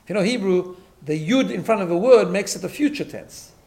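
A man's voice: high-pitched, animated, fairly quick, gravelly, a little mellow. A man teaching a Torah class, emphatic, often repeating words and checking in with "right?". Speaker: rabbi.

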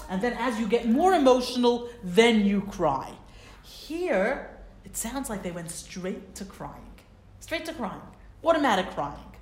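Woman explaining a torah lesson, chatty and animated, words, echoey room w/ faint hiss. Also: mid-range voice. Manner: conversational, expressive, asks rhetorical questions. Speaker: Torah teacher. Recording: roomy echo, faint background noise.

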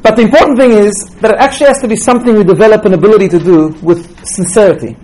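A man's voice: high voice, very fast, a little mellow, poor audio. A man giving a religious teaching talk, telling stories and checking in with "right?" as he goes, often repeating words as he restarts. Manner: storytelling, tags points with "right?".

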